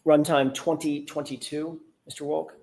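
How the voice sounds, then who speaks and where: A man working as a trial attorney, questioning a witness in court with measured, procedural questions. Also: a little high, level tone, creaky, darkish tone.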